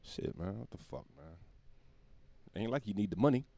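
Rambling, profane man with a lively voice. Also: lowish voice, moderate pace, gravelly. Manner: rambling, profane, laughs at his own jokes. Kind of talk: comedic monologue.

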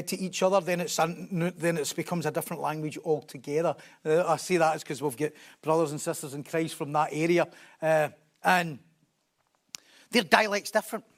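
Man, high-pitched, sermon, emphatic, repetitive for stress. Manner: emphatic, repeats key phrases for stress. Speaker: preacher.

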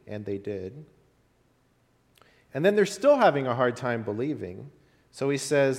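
A man's voice: mid-range voice, animated, moderate pace, pauses often. A man preaching a sermon as pastor, telling stories with rising and falling emphasis. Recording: long hall reverb.

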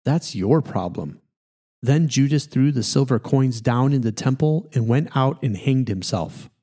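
Mellow-voiced pastor reading scripture. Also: male voice, medium pitch. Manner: steady, measured reading.

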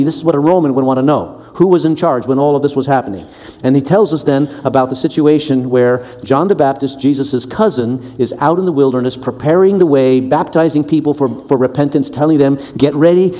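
A man with a fairly high but mellow, relaxed voice gives an earnest Bible lesson and stresses his points with emphasis. His words trail into a long reverb, as if spoken in a large hall. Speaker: Bible teacher. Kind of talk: Bible teaching talk.

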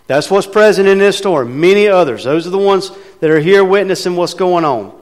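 A man's voice: high-pitched, a little fast. Man preaching in a reverberant hall. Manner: conversational, emphatic preaching with rhetorical questions. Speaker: pastor. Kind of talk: sermon. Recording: long reverb of a large hall.

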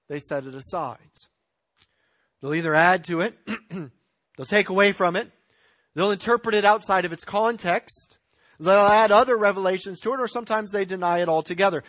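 A man preaching a sermon, building to emphatic peaks and dropping low, clearing his throat now and then. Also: fairly bright tone, no room sound. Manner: emphatic preaching with rising and falling intensity. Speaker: pastor.

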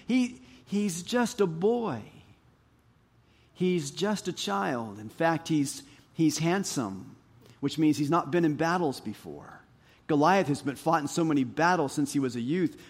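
Scripture is read and then vividly retold by a male pastor in a high voice during his sermon, his storytelling swinging from loud to soft.

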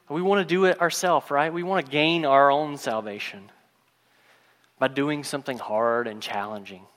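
A man's voice: mid-range voice, normal speed, a bit bright. Man preaching in a reverberant hall. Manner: storytelling, acts out voices of the characters. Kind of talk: sermon.

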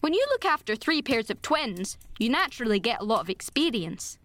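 A woman's voice: a little high, sing-song, fairly quick, a bit bright, no echo. A woman reading an audiobook, voicing an imaginative, talkative girl who speaks effusively and dramatically. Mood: eager.

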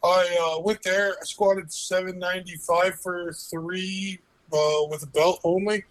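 A man's voice: sits high, little pitch movement, measured pace, poor audio. A man chatting casually as a guest calling in, laid-back and laughing often. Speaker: guest on call. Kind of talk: casual chat. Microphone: phone call.

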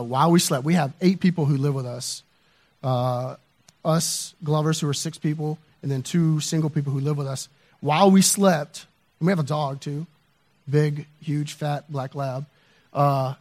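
A man's voice: on the high side, a little mellow. A man pastor telling a neighborhood story in a sermon, chatty and loose, with fillers and restarts.

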